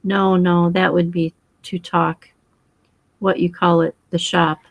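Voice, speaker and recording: A woman voicing a precise, fussy foreign male detective who speaks in formal, measured phrases. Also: on the low side, little pitch movement, dry recording.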